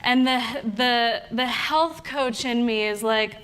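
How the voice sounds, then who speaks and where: Animated woman telling a story on stage. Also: on the high side, slow pace, clean tone. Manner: animated, acts out her own inner thoughts. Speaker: health coach and speaker. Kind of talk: storytelling talk to an audience.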